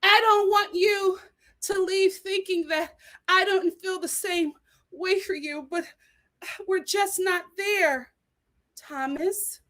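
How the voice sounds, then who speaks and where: A woman's voice: very high voice, steady tone, slow pace, a bit bright, voice pushed up, heavily acted. A woman acting out a young woman on a reality show who tearfully pleads with her boyfriend. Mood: tearful pleading.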